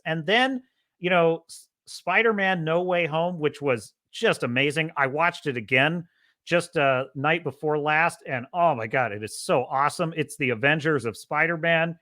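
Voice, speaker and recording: Male host, lively pitch swings, bright forceful tone, opinionated commentary. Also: normal speed. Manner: animated, opinionated, ranting at times; imitates radio DJ cadence. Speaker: podcast host. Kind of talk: casual livestream commentary.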